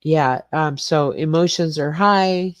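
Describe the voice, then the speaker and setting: A woman's voice: sits low, slow pace, dry recording, studio quality. An older woman hosting a casual livestream from her small garage suite, greeting viewers by name and rambling through the chat. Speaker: livestream host.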